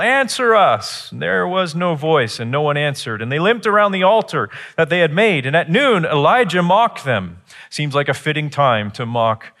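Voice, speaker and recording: A man preaching a sermon, retelling a scripture story with lively, animated delivery and acted-out quotes. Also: big-room sound. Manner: animated storytelling, acts out quotes with rising pitch. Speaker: pastor.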